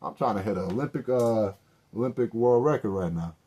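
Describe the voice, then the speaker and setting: Low, mellow-voiced man telling loose stories. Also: lively intonation, a little fast. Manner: loose, profane, joking asides and self-corrections. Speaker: podcast host. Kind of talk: casual solo storytelling.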